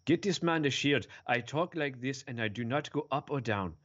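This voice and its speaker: A man mocking a flat emotionless superhero drone. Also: mid-range voice, moderate pace, lo-fi sound. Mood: monotone. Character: flat monotone male superhero impression.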